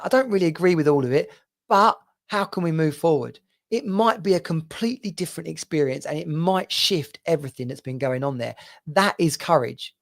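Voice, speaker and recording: A man's voice: a little high, gravelly. A man hosting a podcast, giving an earnest motivational monologue as a men's coach and speaking straight to the listener.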